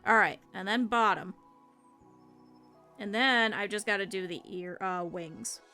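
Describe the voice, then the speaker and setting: A woman's voice: medium pitch, unhurried, bright, forceful tone, soft background music. A woman streamer chatting her viewers step by step through cutting and sewing a plush, explaining as she works. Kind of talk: casual step-by-step craft tutorial.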